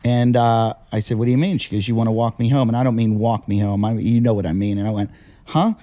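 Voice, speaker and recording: A man's voice: lowish voice, quick pace. A man, a comedian hosting a podcast, telling stories in casual chat, swearing freely and acting out the dialogue. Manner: profane, animated storyteller who acts out dialogue. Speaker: podcast host, stand-up comedian.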